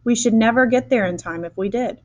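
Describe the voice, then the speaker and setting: Woman doing a brisk eccentric candy maker. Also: a little high, darkish tone, slight background noise, voice pushed up, natural voice, low-quality recording. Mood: brisk cheer.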